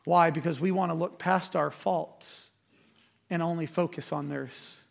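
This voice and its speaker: A man, a pastor preaching a sermon and telling a self-deprecating story with animated energy. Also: on the high side, a little slow, gravelly.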